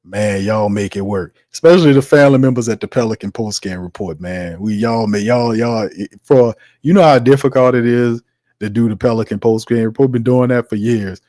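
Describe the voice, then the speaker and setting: A sports talk show host on a livestream vents in exasperation, laughs a lot, drops "man" and "fam," and responds to the chat. He has a mellow, medium-pitched voice, a bit fast, in a studio-quality recording without room sound.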